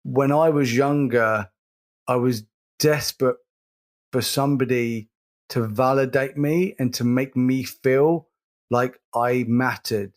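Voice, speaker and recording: Slow, earnest speech comes from a male co-host of a laid-back podcast, whose voice is mid-range. He leans on repeated words when pressing a point.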